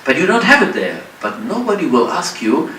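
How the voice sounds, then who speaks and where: A man's voice: on the high side, wildly swooping pitch, moderate pace, bright, forceful tone, slight background noise. A man with a German accent, a native German speaker, giving a keynote speech in English. He tells his story with self-deprecating humor and acts out the dialogue he quotes. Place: large conference hall. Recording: echoey hall, distant mic.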